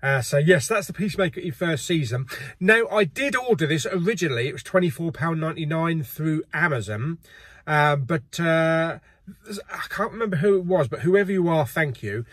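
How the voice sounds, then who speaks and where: Brief: middle-aged host, husky and slightly high-pitched, casual and jokey. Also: male voice, expressive, normal speed, fairly bright tone, no room sound. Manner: chatty and jokey, laughs often. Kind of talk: casual chat.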